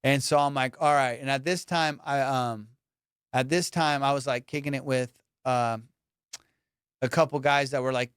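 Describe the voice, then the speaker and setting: A male comedian hosting a podcast, telling high school stories in a slangy, animated way and acting out the people in them. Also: normal speed, smooth, no echo, clean studio sound. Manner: slangy, animated, acts out quoted voices. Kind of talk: casual storytelling.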